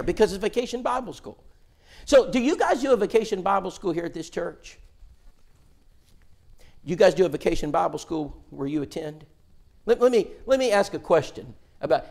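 A male preacher tells a story from the pulpit in a church, his voice set high and swinging widely in pitch. He acts out each exchange with animated energy. He stumbles and restarts phrases as he goes. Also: creaky. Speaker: preacher, guest seminar speaker. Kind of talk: sermon storytelling.

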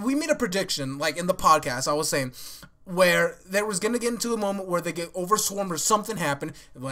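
A woman hosting an anime reaction video, swearing freely and shouting strings of "no" when upset. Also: medium pitch. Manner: loud, swearing, repeats "no" and "nah" in bursts. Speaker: anime reaction channel host. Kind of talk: live reaction commentary.

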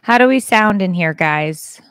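Slow-talking woman podcast co-host, dry sound. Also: medium pitch, expressive, a bit bright, smooth, no room sound. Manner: rambling, laughing, crude joking. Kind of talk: casual chat. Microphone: podcast microphone.

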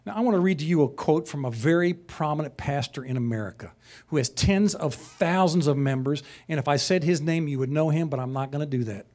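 Teaching in the manner of a sermon, a man speaks with a slightly high voice and darkish tone. His delivery mixes casual asides and chuckles with passion that climbs to emphatic high points.

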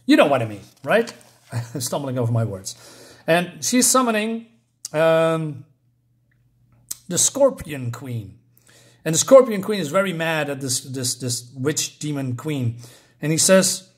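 A man's voice: a little high, big pitch swings, measured pace, long pauses. A man casually recapping and reviewing a comic book, rambling with frequent fillers and self-corrections.

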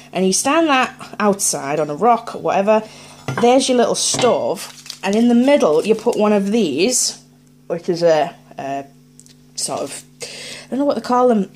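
A woman's voice: mid-range voice, a little mellow, a little hiss or hum. A woman, chatting casually as she unboxes items on her vlog and thinks aloud in a playful way. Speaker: unboxing vlogger.

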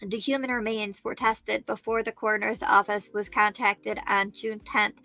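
Chatty woman with a gravelly edge. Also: medium pitch, flat delivery, moderate pace, pushed and bright. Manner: chatty, thinks aloud, greets viewers by name. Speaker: true crime livestream host. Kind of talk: live-stream chat, reading news aloud.

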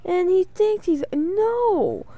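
Female gamer commentator, high-pitched, rambling and jokey with sudden excited spikes. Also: unhurried, no room sound. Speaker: let's play commentator. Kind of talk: casual gameplay commentary.

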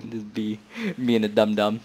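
A young man hosting a casual let's-play, joking, excitable and full of slang as he comments on the game. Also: lowish voice, normal speed, slight background noise. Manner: slangy, joking, excitable, says "bro" a lot. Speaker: gaming channel host.

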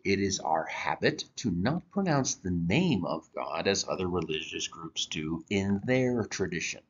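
Male church teacher, low voice, unhurried, walks through slides step by step. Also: sing-song, breathy edge. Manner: slow, deliberate explaining with halting restarts. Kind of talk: slide-based Bible lesson. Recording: dull lo-fi recording.

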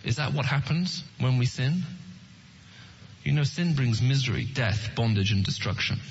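A man's voice: mid-range voice, expressive, moderate pace, gravelly, lo-fi sound, a little hiss or hum. A man giving an earnest evangelistic talk to an audience, often asking them questions. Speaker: Christian apologetics speaker.

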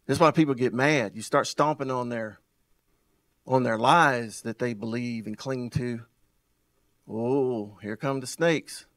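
This is a male pastor at medium pitch, giving a sermon built on repeated phrases and rhetorical questions. He alternates between loud and soft with big changes in pace, lingering on words for emphasis.

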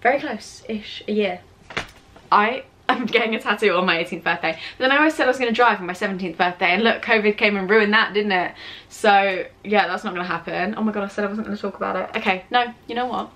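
A teenage English girl talks straight to her camera in a relaxed Q&A vlog. She rambles, giggles and wanders off topic. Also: medium pitch, fast. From England. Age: teens. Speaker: vlogger. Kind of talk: casual Q&A vlog. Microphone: camera mic with ring light setup.

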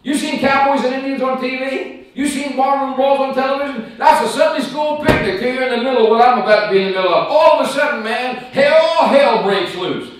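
Male evangelist, folksy animated storyteller, high voice, heard from a distance in a very echoey church. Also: brisk, few pauses. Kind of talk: sermon testimony storytelling. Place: church sanctuary.

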